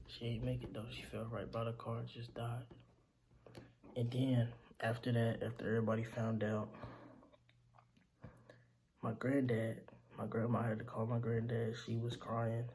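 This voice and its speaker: A young man telling the story of his mother's death, halting and repeating himself, his voice sinking to near whispers in grief. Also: mid-range voice, vocal fry, a little mellow, a little hiss or hum. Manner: halting, repeats himself, calls the listener bro. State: grieving, voice dropping to near whispers. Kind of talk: emotional storytelling to camera.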